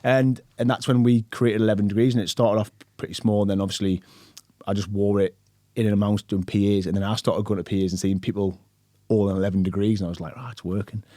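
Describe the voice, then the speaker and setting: A man talks at a rapid clip in a low, dark voice. He spins stories casually on a podcast, acting out the voices of the people in them. The sound is close and dry. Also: no echo. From England. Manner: animated storyteller, acts out other people's lines, swears casually. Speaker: guest.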